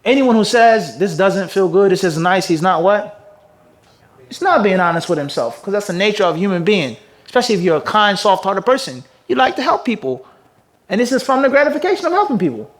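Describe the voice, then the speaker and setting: A man teaching a religious hadith class as a mufti, his voice pitched notably high. He keeps the room involved with call-and-response questions and moves through Arabic passages at a brisk clip. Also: very animated. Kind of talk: religious lecture.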